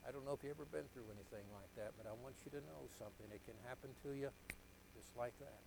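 An older man preaching a sermon, telling a personal story with deep emotion, dropping to a hush and then rising to loud emphasis. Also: fast, creaky, background noise. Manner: emotional, confessional storytelling that swings from hushed to loud.

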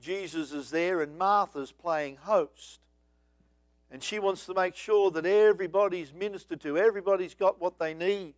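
A man's voice: high-pitched, moderate pace, no room sound. A man preaching a sermon, telling a story with dramatic rises and acting out voices. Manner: dramatic, acts out voices of biblical figures.

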